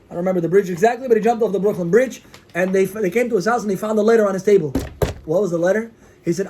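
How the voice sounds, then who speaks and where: A man, a rabbi, giving an animated storytelling sermon and acting out the people in his tales. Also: high-pitched, very fast. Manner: animated, acts out characters in the stories.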